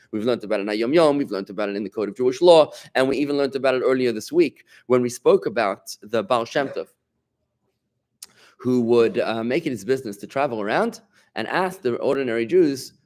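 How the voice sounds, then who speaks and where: A middle-aged rabbi with a medium-pitched voice teaches an informal Torah class, speaking animatedly and emphatically while bantering with his listeners.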